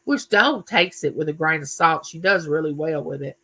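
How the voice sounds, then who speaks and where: A woman's voice: sits low, animated, normal speed, pushed and bright, rough recording. A woman, chatting casually and telling stories on her live stream, greeting viewers by name. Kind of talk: casual chat.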